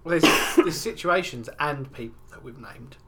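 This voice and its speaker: A man's voice: medium pitch, animated, normal speed, heavy background noise. A man telling rambling stories in a casual chat, laughing and swearing as he goes. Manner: rambling, laughing, swearing, does voices of customers.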